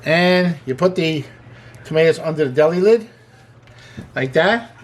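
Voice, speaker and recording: A man's voice: on the high side, lively intonation, measured pace. A man hosting a casual cooking demonstration in a kitchen, chatty and enthusiastic, with joking asides. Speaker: cooking show host.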